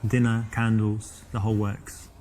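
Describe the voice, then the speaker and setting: A man's voice: lowish voice, flat delivery, measured pace, a little mellow. A man with an English accent, boastful and joking while flirting, who also comments as a dating coach. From England. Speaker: dating coach and game host.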